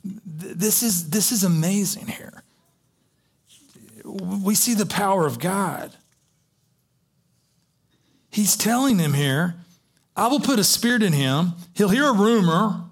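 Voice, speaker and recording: Animated preacher, fairly high voice. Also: male voice, slow, pauses often, breathy edge. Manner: animated storytelling with many restarts. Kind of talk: sermon.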